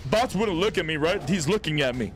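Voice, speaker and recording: An excitable man narrates his game live, teasing the characters he meets. His voice sits a little high, and a faint hiss runs underneath. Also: fairly quick. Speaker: streamer. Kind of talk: casual gameplay commentary.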